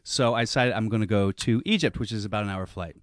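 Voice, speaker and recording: A man's voice: on the low side, fast talker, no echo. A man in a dry close-mic studio, telling a comic story on a podcast in a rambling, self-interrupting way with frequent restarts.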